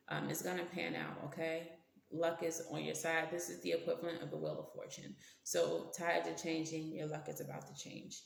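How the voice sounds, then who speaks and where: Brief: woman tarot reader, lowish gravelly voice, blunt slangy delivery, roomy echo. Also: steady tone, moderate pace, a little hiss or hum. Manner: blunt, slangy and profane, talks to the cards. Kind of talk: casual tarot reading.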